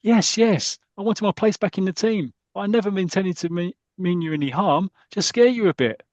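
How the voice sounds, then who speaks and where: Brief: frantic young footballer in a comic story, squeaky and desperate, read by a man, dull lo-fi sound. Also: normal speed, a little mellow, no echo, lightly acted. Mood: confessing. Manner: high, frantic, stammering pleading. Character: panicky young male footballer, guilty.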